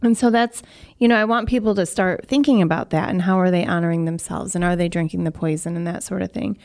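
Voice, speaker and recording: Woman, guest expert, earnest, explanatory, somewhat low pitch. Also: fairly even intonation, fast, darkish tone. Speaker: acupuncturist guest. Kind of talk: explaining on a talk show.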